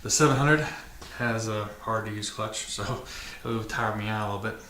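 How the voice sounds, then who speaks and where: Man, vlog host, casual halting talk, lots of fillers, echoey room, faint background noise. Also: on the low side, pushed and bright. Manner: halting, many fillers and restarts, matter-of-fact. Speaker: channel host.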